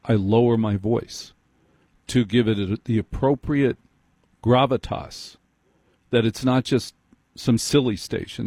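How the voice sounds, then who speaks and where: A man's voice: mid-range voice, moderate pace, a little mellow, dry recording. A man hosting a late-night call-in radio show, wry and teasing, who cuts in on his callers. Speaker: radio talk show host. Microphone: studio microphone.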